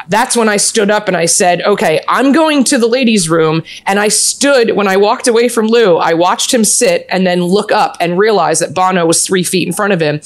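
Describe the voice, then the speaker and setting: A woman from New York telling a story in casual chat, animated and often laughing. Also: mid-range voice.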